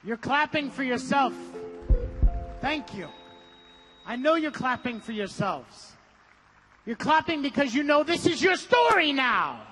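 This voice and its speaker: Male seminar leader, lively pitch, unhurried delivery, faint music under. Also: long reverb tail. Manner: energetic, coaching a crowd, breaks into song. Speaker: seminar speaker. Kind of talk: motivational seminar with group singing.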